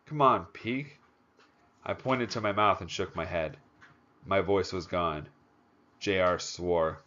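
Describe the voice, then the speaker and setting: A man narrating a first-person audiobook in a steady, plain storytelling manner. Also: sits low, a little slow. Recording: dull lo-fi recording.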